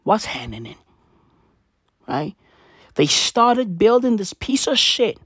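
A South African vlogger in her twenties rants to camera in exasperation, swearing and asking the same questions again and again. Her medium-pitched voice has lively intonation and a slow pace, recorded dry with clean studio sound.

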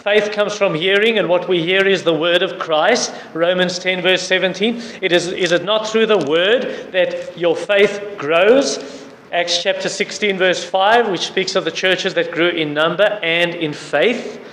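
A man preaching a sermon, earnestly urging prayer and fasting and citing scripture as he goes. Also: sits high, a bit bright. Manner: earnest, repetitive exhortation with scripture references. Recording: echoey hall with faint background noise.

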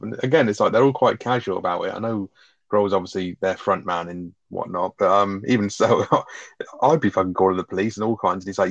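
A man's voice: fairly low pitch, fairly quick, no room sound, muffled recording. A man co-hosting a podcast, chatting casually and retelling film scenes with lots of swearing. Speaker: podcast co-host reviewing a film. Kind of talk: casual chat.

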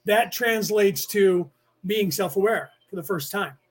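Fast-talking middle-aged man from the Bay Area. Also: high voice, slightly rough. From San Francisco Bay Area. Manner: rapid, rambling, restless delivery. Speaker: podcast host teaching a class. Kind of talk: casual spiritual lecture.

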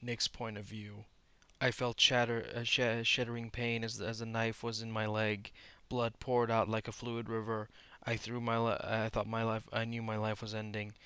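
A man reads a piece of fan fiction aloud in a smooth, clear voice, tripping over words and restarting lines as he goes. His tone stays fairly flat, and the dry sound has no room echo. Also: on the low side. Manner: halting, stumbling reading with many restarts. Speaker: reader.

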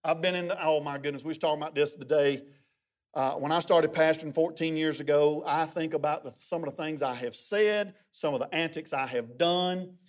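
Pastor guy preaching, pretty high voice, jokey storyteller, lots of "i mean". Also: a little fast. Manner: animated, humorous storytelling with many restarts. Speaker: guest pastor. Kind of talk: sermon.

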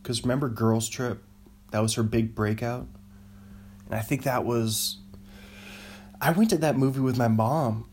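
A man's voice: mid-range voice, a little slow, long pauses, a little mellow, slight background noise. Rambling, giggly podcast guy. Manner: rambling, self-interrupting, laughs at own jokes. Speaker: podcast host. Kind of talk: solo podcast rambling chat.

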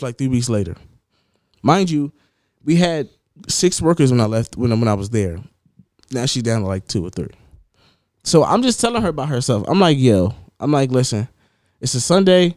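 A young man co-hosting a podcast, telling a story in an animated, laughing way. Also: medium pitch, a little fast, long pauses, dry recording, clean studio sound. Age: young adult. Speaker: podcast co-host. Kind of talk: casual chat.

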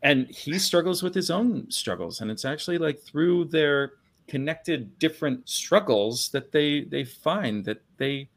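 A man speaks with a lively, swooping delivery as he retells a film's story with enthusiasm. He is a guest on a talk stream, animated and eager. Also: a little high, a little slow, few pauses. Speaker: filmmaker guest.

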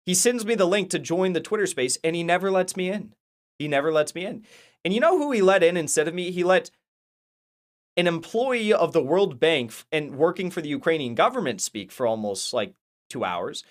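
Brief: male channel host, somewhat high-pitched, rambling and heated, profane, casual rant. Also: animated, brisk. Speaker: political commentary channel host. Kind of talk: casual ranting commentary.

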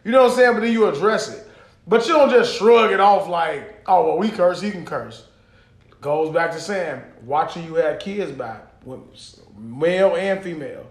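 Male podcast co-host with a high voice, laughing and cussing through loose banter in an echoey room. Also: normal speed. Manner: laughing, profane, animated storytelling. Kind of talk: casual chat.

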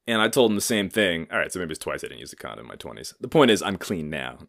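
A man in his thirties talks through a casual solo podcast in a very low voice that swings widely in pitch. He rambles, swears freely and cracks self-mocking jokes. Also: very animated, quick pace, gravelly, fairly bright tone. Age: 30s. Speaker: podcast host.

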